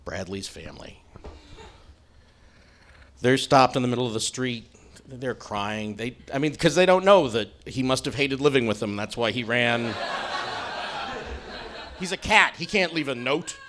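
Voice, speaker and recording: A middle-aged man telling a self-mocking comic story on stage in a wry, animated way. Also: medium pitch, unhurried, pauses often.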